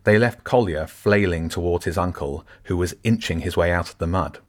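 Brief: deep, low male narrator, steady storytelling. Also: moderate pace. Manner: steady storytelling, shifts into character voices. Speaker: audiobook narrator. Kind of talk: scripted narration.

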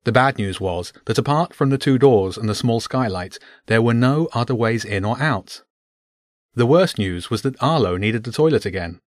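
Man, storyteller, children's book narration, mid pitch, dry close sound. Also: animated, moderate pace, dry recording.

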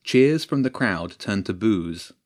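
A man narrating a children's story in a steady, measured way. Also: lowish voice.

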